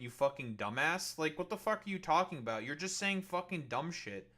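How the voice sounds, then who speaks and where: A man on a live stream, swearing constantly and mocking the people in his chat. His voice sits high for a man and has a bright, cutting edge. He talks straight into a desk mic. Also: expressive, brisk. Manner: profane, combative, mocking. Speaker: political streamer. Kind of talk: livestream argument with chat.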